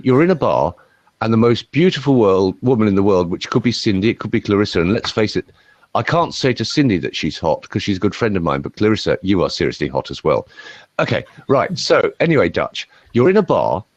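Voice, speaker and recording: A middle-aged voice coach with a fairly low voice gives a playful, rambling, lively demonstration, speaking directly to a single viewer. The recording is dry.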